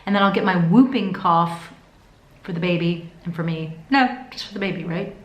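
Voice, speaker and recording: A woman talking to camera in a casual vlog, telling her story in a chatty, expressive way. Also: on the low side, normal speed, lo-fi sound, a little hiss or hum. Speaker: vlogger. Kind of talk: casual pregnancy update vlog. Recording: echoey room.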